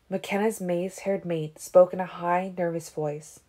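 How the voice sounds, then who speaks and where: A woman reading a novel aloud as an audiobook, with steady, even storytelling. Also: on the low side, measured pace. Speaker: audiobook reader. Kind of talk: audiobook narration.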